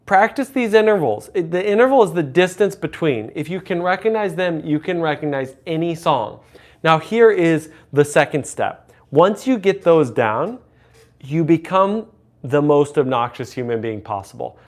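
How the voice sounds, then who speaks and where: High-voiced man teaching intervals by humming. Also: expressive, normal speed. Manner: hums and sings intervals to demonstrate; chats with viewers. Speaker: livestream host and music teacher. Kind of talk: casual livestream teaching.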